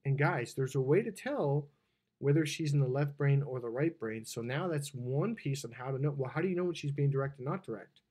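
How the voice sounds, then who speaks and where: A man's voice: mid-range voice, fairly quick, husky. A dating and relationship coach, a man, giving a seminar talk to an audience and acting out the dialogue of the stories he tells. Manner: animated storyteller who acts out quoted dialogue. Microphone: wired microphone.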